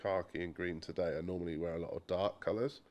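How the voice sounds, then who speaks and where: The recording is muffled, and the young man's low voice moves at a quick pace with fairly even intonation. He's a co-host on a casual podcast, full of chatty stories, quoted voices, and mild swearing.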